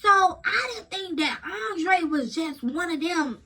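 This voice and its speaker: A young woman with a Chicago accent telling a casual storytime, animated and profane, talking straight to her viewers. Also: very high voice, slow pace. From Chicago South Side. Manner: animated, profane, slangy, addresses viewers as girl and y'all. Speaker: storyteller vlogger.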